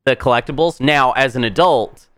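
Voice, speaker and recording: A man's voice: medium pitch, normal speed, a bit bright, clean tone, no room sound. A man with a Southern accent, co-hosting a podcast in casual chat, rambling and joking with many fillers. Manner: rambling, jokey, lots of fillers. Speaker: podcast co-host.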